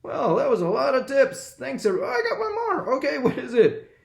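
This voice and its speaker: A man's voice: very high-pitched, wildly swooping pitch, fairly quick, creaky, full character voice. A man doing a folksy impression of a president, hosting a comedic classroom skit with exam tips. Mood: cheerful. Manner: folksy, chatty, upbeat. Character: adult male impression of a former US president. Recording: echoey room.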